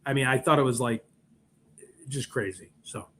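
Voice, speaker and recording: A man's voice: mid-range voice, normal speed, slight background noise. A middle-aged man with a Chicago accent, rambling and joking in a casual livestream chat as host. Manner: rambling, animated, joking asides. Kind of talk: casual live-stream chat.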